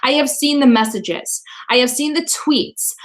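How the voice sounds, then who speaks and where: Woman stream host, higher voice, emotional, profane, apologetic. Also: unhurried, low-quality recording. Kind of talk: emotional livestream talk.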